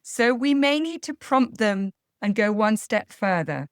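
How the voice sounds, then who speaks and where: Calm woman giving parenting advice. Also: medium pitch, clear, resonant tone, no room sound, clean studio sound. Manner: calm, measured, explanatory. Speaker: parenting coach. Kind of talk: podcast advice talk.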